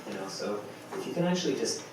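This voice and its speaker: A man's voice: fairly low pitch, big pitch swings, quick pace. A man at an open mic stage, loosely introducing his poem and encouraging the audience to join in. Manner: loose, encouraging, coaxing the crowd. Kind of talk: spoken word poetry, leading the audience. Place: poetry club stage, live audience. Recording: very echoey club room from far off, noisy.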